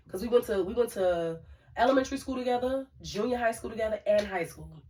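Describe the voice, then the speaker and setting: A woman's voice: medium pitch, expressive, fast, a little mellow. A woman co-hosting a casual talk show, telling stories with lots of fillers and asides to the listeners. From Brooklyn, New York. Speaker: podcast co-host. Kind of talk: casual storytelling chat. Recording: voice a bit far from the mic.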